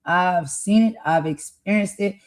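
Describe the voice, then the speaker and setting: A woman from the United States hosting a political talk show, speaking with impassioned conviction and growing loud as she makes her points. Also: on the low side, a little slow. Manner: impassioned, grows loud and emphatic. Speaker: host. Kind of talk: heated political commentary.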